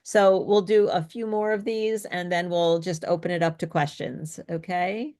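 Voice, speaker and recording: A woman's voice: on the low side, fairly even intonation, normal speed, darkish tone. A woman speech coach teaching an online workshop in an explanatory, coaching way over a video call.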